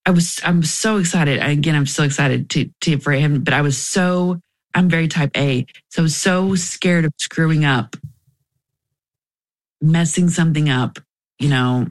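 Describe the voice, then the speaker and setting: A woman's voice: low voice, unhurried. Candid young woman telling her story. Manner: candid, emotional, with restarts. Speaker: guest. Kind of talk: personal story in an interview.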